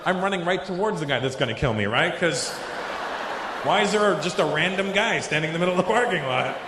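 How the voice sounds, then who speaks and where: A man doing stand-up comedy on a large arena stage, telling a story with lively acted-out dialogue and frequent swearing. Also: high voice, brisk, noisy background. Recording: echoey arena recording.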